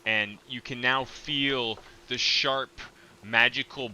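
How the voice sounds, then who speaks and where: A man narrating a tabletop game as game master, relaxed and full of ums and uhs. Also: mid-range voice, slow pace, a little hiss or hum, poor audio.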